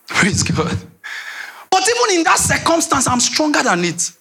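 Taking his time, a young Nigerian pastor preaches an animated sermon. Phrases get repeated, and he sinks into a low voice to dramatize the quotes he cites.

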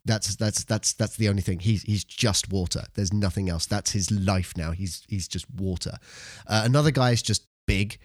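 A man co-hosting a podcast in casual chat, animated and repeating words as he thinks. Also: on the low side, moderate pace, few pauses, no room sound, clean studio sound. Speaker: podcast co-host.

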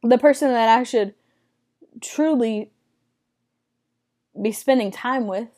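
A woman's voice: on the high side, slow. Chatty young woman teaching Bible study. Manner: chatty, acts out quotes with excited squeals.

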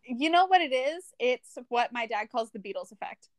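A woman's voice: on the high side, expressive, moderate pace, no room sound, studio quality. A young woman co-hosting a podcast in casual chat, blunt and teasing. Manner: blunt, teasing, laughs often. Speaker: podcast co-host.

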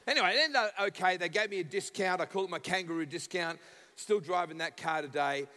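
An Australian man preaching as a guest speaker, telling funny stories and acting out the dialogue with sudden shouts. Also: high voice, a little fast, big-room sound. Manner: animated, acts out dialogue, bursts into shouts. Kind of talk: humorous sermon storytelling. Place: church sanctuary.

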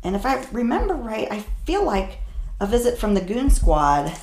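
A woman's voice: fairly high pitch, sing-song, moderate pace, a little mellow, reverberant. A woman in casual conversation about books, rambling and hesitant, often trailing off mid-thought.

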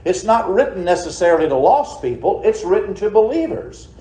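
A man preaching in a church sanctuary, folksy and conversational, throwing rhetorical questions at his congregation. His voice sits a little high but sounds mellow and warm. The room rings around him with a roomy echo. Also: sing-song, brisk. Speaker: pastor. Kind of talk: sermon.

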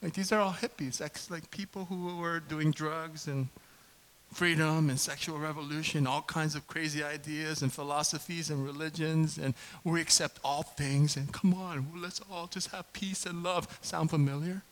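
A man in his fifties preaching a sermon as pastor, conversational and animated, often asking the congregation questions. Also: on the high side, normal speed, rough recording. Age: 50s.

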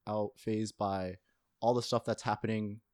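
Relaxed young man, lowish voice. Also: measured pace. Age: young adult. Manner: relaxed, thoughtful, hedging. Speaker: podcast guest. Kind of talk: casual chat.

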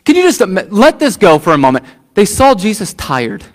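A pastor preaching a sermon, using repeated phrases and asking the congregation questions. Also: male voice, sits high, huge pitch swings, a little fast.

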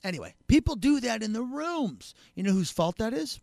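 Guest co-host, man, lively swooping delivery, dry close sound. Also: extremely high pitch, normal speed, creaky, no room sound. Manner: animated, joking, acts out scenes in voices, gets loud. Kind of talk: casual podcast chat.

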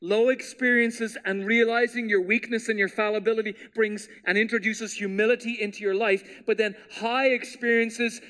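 A male pastor with a high-pitched voice preaches a sermon, animated and storytelling, acting out quotes with playful voices.

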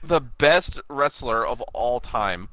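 A man's voice: mid-range voice, animated, slow pace, pushed and bright, slight background noise, poor audio. A young man in casual chat, enthusiastic and profane, stretching words out for emphasis. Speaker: podcast co-host.

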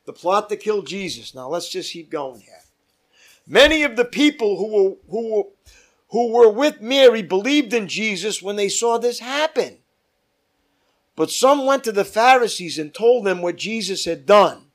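A man leading a Bible study as pastor, reading scripture aloud with emphatic rises and dropping to quiet asides. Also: high voice, animated, a little slow.

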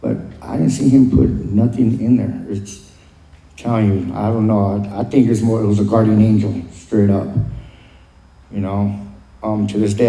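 Man, testimony style, very mellow dark tone, hesitant delivery. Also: fairly low pitch. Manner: halting, full of "um" and "you know". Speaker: guest sharing his recovery story. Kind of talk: personal testimony. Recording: roomy echo.

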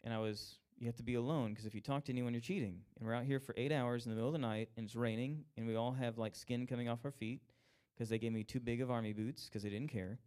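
A young man tells his faith story in a lively, self-mocking way. He slips into the voices of the people he quotes, and his voice sits at a middle pitch. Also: fast talker, hardly any pauses, clean tone. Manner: animated, acts out quoted voices, laughs at himself. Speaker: speaker sharing a personal testimony. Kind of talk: storytelling testimony.

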